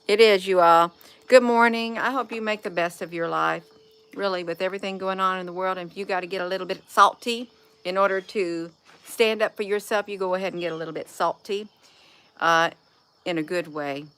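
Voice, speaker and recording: A woman's voice: fairly low pitch, steady tone, fairly quick, a bit bright, clean tone. A woman vlogger talking to camera in a rambling, folksy, chatty way. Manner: folksy, chatty, drifts between topics. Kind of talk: rambling casual monologue.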